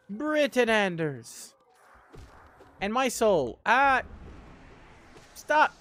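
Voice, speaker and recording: A man's voice: extremely high pitch, very animated, very slow, pauses often, fairly bright tone. A young man streaming a game live, joking about himself and chatting with his viewers. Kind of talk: live gameplay chat.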